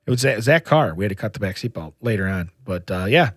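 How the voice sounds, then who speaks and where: A man's voice: on the low side, animated, quick pace, slightly rough, no room sound, studio quality. A middle-aged man, co-host of a casual podcast, telling a rambling childhood story and laughing at himself. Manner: rambling, laughs at his own stories.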